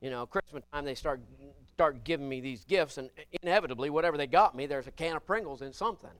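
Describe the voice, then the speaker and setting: A preacher man delivering a folksy, joking sermon, his voice high-pitched and bright. He swings from loud, emphatic bursts down to quiet asides, and the tone stays smooth and clear throughout. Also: fast talker, dry recording.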